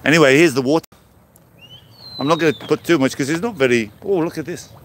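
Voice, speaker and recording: English man, English accent, fairly high voice, rambling casual live-stream chat, outdoors on a handheld phone, faint traffic noise. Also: fast talker. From England. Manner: chatty, greets viewers by name, rambling asides. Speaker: vlogger hosting a live stream. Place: outdoors by a fishing harbour. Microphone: handheld phone camera.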